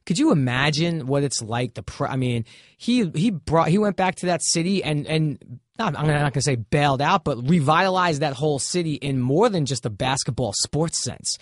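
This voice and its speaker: A man's voice: on the high side, expressive, normal speed, dry recording, clean studio sound. A man in his thirties from Brooklyn with a New York accent, an actor chatting candidly in an interview, often restarting his sentences. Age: 30s. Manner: candid, storytelling, frequent restarts. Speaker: actor guest. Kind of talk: casual interview chat.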